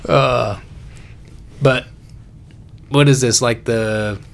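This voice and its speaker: A man's voice: mid-range voice, fairly even intonation, drawn-out words, creaky, a little hiss or hum. A man hosting a casual podcast, reading facts from notes and joking with friends. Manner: joking, laughs often, reads facts from notes. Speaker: podcast host. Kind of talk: casual chat.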